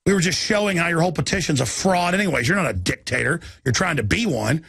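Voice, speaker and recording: A man's voice: a little high, expressive, fast, gravelly, fairly bright tone, breathy edge, no room sound, studio quality. A man hosting a radio talk show, delivering a fiery political monologue, ranting and mocking opponents. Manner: ranting, mocking, shifts into impressions.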